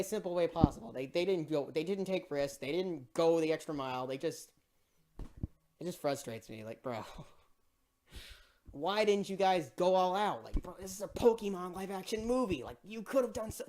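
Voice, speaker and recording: Excitable ranting reviewer with a lively voice. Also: mid-range voice, fairly quick, slight background noise. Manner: excitable, exasperated, swears, repeats "bro". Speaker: movie reviewer.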